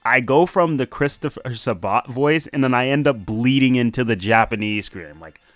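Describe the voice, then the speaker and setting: A man's voice: mid-range voice, moderate pace, dry recording, faint music behind. A man casually chatting on a live stream while reading and analysing comics, laughing often.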